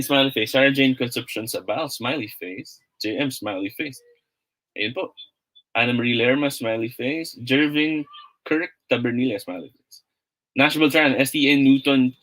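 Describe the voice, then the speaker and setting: A young Filipino man teaching pronunciation in a live online class. His voice is bright and forward, and he keeps an upbeat, chatty manner as he greets viewers and reads their comments aloud. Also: medium pitch, poor audio.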